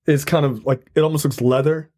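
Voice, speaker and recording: A man's voice: fairly high pitch, steady tone, a little fast, a little mellow. A man co-hosting a podcast, easygoing and hesitant, with fillers and repeated starts. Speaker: podcast co-host. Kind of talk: casual chat.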